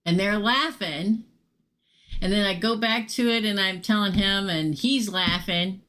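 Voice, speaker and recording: A chatty woman tarot reader hosts a live show, telling stories casually in a medium-pitched, slightly slow voice. She's animated, swears offhandedly and addresses viewers directly.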